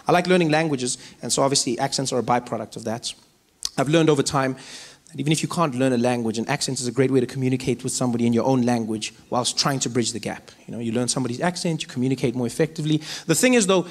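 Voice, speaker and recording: A South African man telling stand-up stories in an animated way, slipping into voices. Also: medium pitch. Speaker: comedian. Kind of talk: stand-up storytelling.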